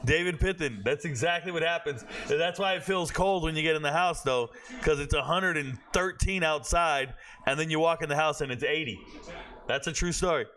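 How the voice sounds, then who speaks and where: A young man streaming a football watch party, telling animated stories to his chat and swearing freely. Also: a little high, a little fast. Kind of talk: casual chat.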